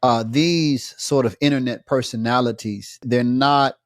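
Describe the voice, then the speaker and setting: A man giving measured, critical reaction commentary on a debate clip, often pausing with fillers and restarts. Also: medium pitch, steady tone, dry recording, studio quality.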